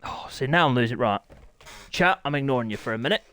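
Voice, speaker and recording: A man's voice: medium pitch, lively intonation, fast, sharp tone. A young man streaming a racing league, talking to chat while he fumbles with setup, harried and apologetic. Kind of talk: live-stream chat to viewers.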